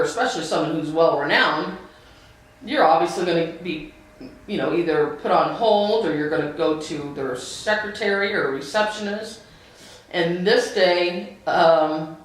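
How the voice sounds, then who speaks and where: A woman telling her family's story to the camera in a halting, earnest way, with many pauses and restarts. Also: lowish voice. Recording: very echoey room, voice from a distance.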